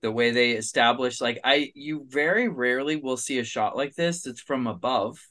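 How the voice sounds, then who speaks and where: A man's voice: medium pitch, normal speed, pushed and bright. A man who is a documentary filmmaker, guest co-hosting a podcast and talking eagerly about camera shots in casual chat. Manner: enthusiastic, analytical about shots.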